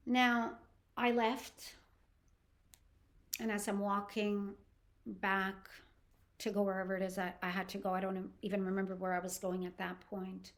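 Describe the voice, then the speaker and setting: Older canadian lady podcaster telling a real-life story, earnest, halting, lots of restarts. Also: mid-range voice, level tone. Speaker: podcast host.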